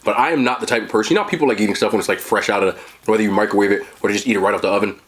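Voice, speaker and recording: A man's voice: fairly low pitch, rapid-fire, fairly bright tone. A man in his thirties hosting a mukbang, chatting casually to viewers while he eats. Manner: chatty, upbeat, addresses viewers directly. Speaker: mukbang host. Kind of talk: casual chat to camera while eating.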